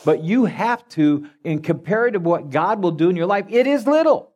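A man's voice: fairly high pitch, lively intonation, moderate pace, darkish tone. A man preaching as pastor, folksy and storytelling, with frequent restarts. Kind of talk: sermon.

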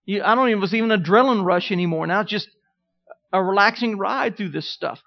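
A man's voice: high voice, fast talker, vocal fry. A middle-aged man preaching a sermon, telling stories and calling for amens from the congregation. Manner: storytelling preacher, calls out "Amen?" to the congregation. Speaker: pastor. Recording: dull lo-fi sermon recording.

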